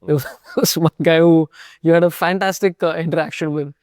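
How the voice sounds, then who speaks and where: Male podcast host, higher voice, joking, quick to laugh, dry close sound. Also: fairly even intonation, darkish tone, no echo. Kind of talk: casual podcast conversation.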